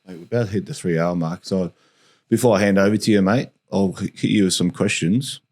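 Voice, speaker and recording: A man's voice: low voice, brisk, a little mellow. A man hosting a podcast, laid-back and supportive, asking questions and offering short affirmations. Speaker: podcast host. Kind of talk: casual interview chat.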